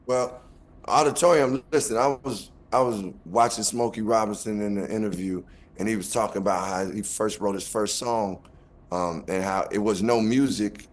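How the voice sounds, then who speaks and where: A man with a Chicago accent, a guest rapper telling an animated story and acting out quotes with laughter. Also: lowish voice, moderate pace. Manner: acts out quotes, laughing, back-and-forth.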